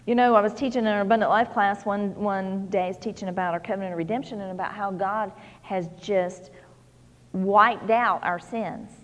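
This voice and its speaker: A woman's voice: medium pitch, fairly even intonation, normal speed, lo-fi sound. Woman preacher, mid-range voice, chatty folksy sermon delivery, lingering hall reverb. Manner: conversational, folksy storytelling with many "you know"s.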